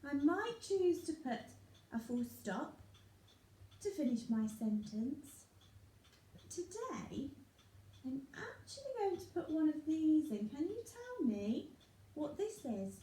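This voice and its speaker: A woman teaching young children phonics, sounding out letters and words slowly and clearly. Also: sits high, big pitch swings, dark tone, reverberant. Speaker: primary school teacher.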